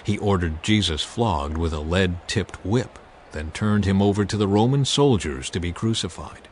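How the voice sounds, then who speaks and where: A scripture reader with a mid-range voice reads a Bible passage aloud, with no room sound. His delivery is dramatic, swelling on the quoted cries.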